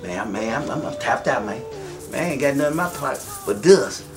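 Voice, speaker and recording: A man's voice: mid-range voice, expressive, fairly quick, voice pushed down, close to an everyday voice. A man voicing a broke older man who thinks he is a pimp, stammering and mumbling. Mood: sheepish. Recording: distant mic, faint music behind.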